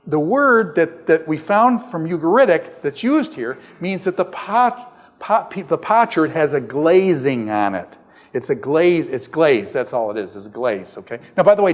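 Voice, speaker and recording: Male professor lecturing in an echoey hall. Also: fairly high pitch. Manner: asks the class frequent questions, conversational and animated. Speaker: professor lecturing on Bible translation. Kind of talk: classroom lecture. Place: classroom.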